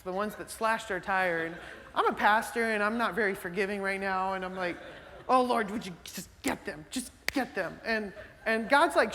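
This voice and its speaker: A male pastor preaching a sermon in a conversational, animated storytelling way, full of fillers and restarts. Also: high voice, big-room sound, slight background noise. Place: church sanctuary.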